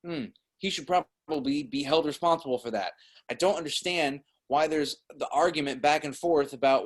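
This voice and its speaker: Male co-host with a slightly high voice, ranting emphatically in casual podcast talk. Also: normal speed.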